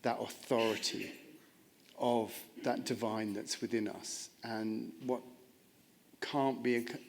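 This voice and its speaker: A man's voice: mid-range voice, gravelly. A man leading a reflective spiritual discussion in a chapel, earnest and searching, often restarting his sentences. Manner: earnest, searching, many restarts and "you know". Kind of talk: reflective spiritual talk with congregation.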